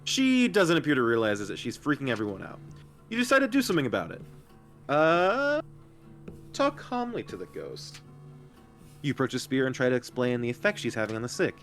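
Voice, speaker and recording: A man reading out game prompts in casual tabletop chat, animated and quick to laugh. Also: medium pitch, soft background music.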